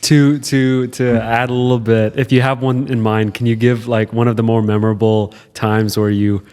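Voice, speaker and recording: A man co-hosting a podcast, asking relaxed questions and laughing along. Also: mid-range voice, normal speed, clear, resonant tone, long reverb tail. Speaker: podcast co-host. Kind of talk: casual chat, asking questions.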